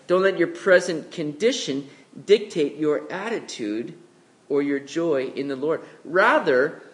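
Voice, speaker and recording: A pastor delivers an expository sermon in a conversational style, acting out people's voices with big leaps in pitch.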